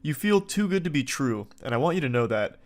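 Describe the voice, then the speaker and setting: A man's voice: a little high, very animated, fairly quick. A man reading out a gushing, overeager young woman's texts in a sugary, overly sincere tone.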